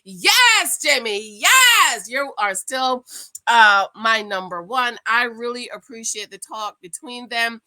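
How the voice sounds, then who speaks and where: A gossipy, excitable woman talking at home, her voice bright and forward and sitting a little high. She chats straight to her viewers like a girlfriend, rushing through the recap with plenty of asides. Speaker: YouTube host reviewing a reality dating show. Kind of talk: casual chatty recap to camera. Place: at home indoors.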